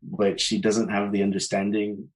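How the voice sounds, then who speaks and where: A man's voice: lowish voice, completely flat delivery, moderate pace, low-quality recording. A man, a guest on a panel discussion, speaking candidly in a casual chat and telling a long personal story. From Caribbean family, mother from Barbados. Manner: candid storytelling, quotes others in raised voices.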